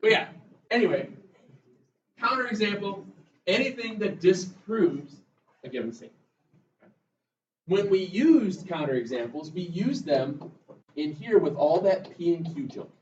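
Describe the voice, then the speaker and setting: A man's voice: high voice, lively intonation, measured pace, long pauses, recorded from a distance. Man teaching a classroom lesson. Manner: conversational, tells stories to the class. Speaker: math teacher. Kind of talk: classroom lecture. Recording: roomy classroom, voice from afar, dull sound.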